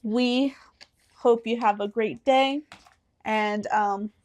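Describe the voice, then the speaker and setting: Young female podcast co-host, slow and hesitant, fairly high voice, casual. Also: steady tone, a little mellow. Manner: hesitant, with fillers. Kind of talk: casual chat.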